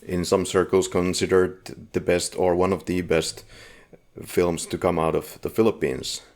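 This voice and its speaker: A man hosting a podcast, giving film background in a relaxed, conversational way. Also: sits low, measured pace. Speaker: podcast host. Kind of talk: casual film discussion.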